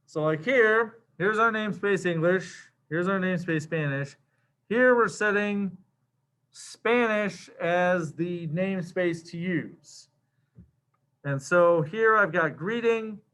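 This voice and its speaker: A man's voice: sits high, slow pace, a bit bright. A man teaching a programming lesson in a casual, slangy way, with many fillers as he walks through code. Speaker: programming instructor. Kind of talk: screen-share coding lecture.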